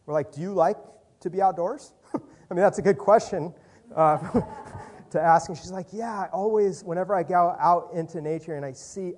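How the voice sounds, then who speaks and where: Guy telling a church trip story, lots of back and forth quotes, slightly high voice, animated. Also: slightly rough. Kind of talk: storytelling testimony.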